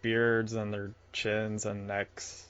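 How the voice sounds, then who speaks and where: A man's voice: on the low side, completely flat delivery, slow, crowd noise. A man hosting a podcast in casual chat, teasing his guest and swearing freely. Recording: dull lo-fi audio.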